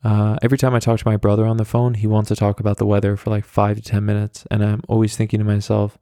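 A man hosting a solo podcast, telling rambling, self-deprecating stories in his flat with many fillers, carrying a handheld mic around as he walks. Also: on the low side, fast, hardly any pauses, dry recording, clean studio sound. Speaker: podcast host. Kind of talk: casual solo storytelling. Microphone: handheld mic carried around.

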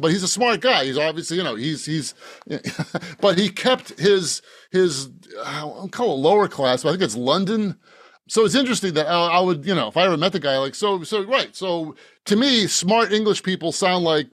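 A man's voice: on the high side, expressive, moderate pace, fairly bright tone, dry recording, studio quality. A man, an author from Boston, talking in a casual podcast interview, rambling with many restarts and frequent laughs. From Boston, Massachusetts. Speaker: author guest.

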